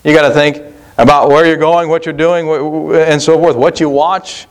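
A man's voice: on the high side, fairly even intonation, moderate pace, smooth. A man preaching a sermon as pastor, plain-spoken, with rhetorical questions and frequent restarts.

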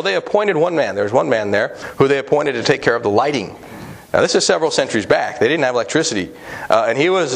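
Man preaching a folksy sermon. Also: mid-range voice. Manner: folksy, storytelling, many "uh" fillers. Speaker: pastor.

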